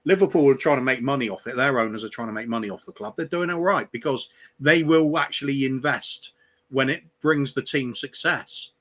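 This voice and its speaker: A man co-hosting a live football fan show, giving measured, opinionated analysis. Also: medium pitch, a bit bright. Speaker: co-host. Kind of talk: casual fan chat.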